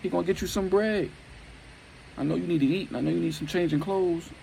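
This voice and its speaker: A man voicing a battered, chained-up young street guy who is in pain and talks loud and exasperated. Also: high voice, quick pace, vocal fry, a little hiss or hum, voice pushed up, low-quality recording. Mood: insistent.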